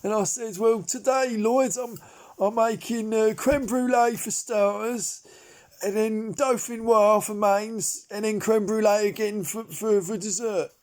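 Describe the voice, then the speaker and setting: A man's voice: high-pitched, steady tone, unhurried, darkish tone. A man playing Derek, a bumbling amateur chef, telling a rambling story full of restarts and fillers. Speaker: comedy character monologue. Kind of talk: improvised character monologue.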